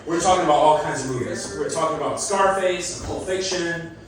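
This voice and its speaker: Male stand-up comic, slightly high voice, roomy club sound, heard from a distance. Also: a little fast, a crowd in the background. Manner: self-deprecating, chatty, laughs at his own jokes. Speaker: stand-up comedian. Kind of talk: stand-up comedy set. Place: comedy club stage. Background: audience laughter and call-backs.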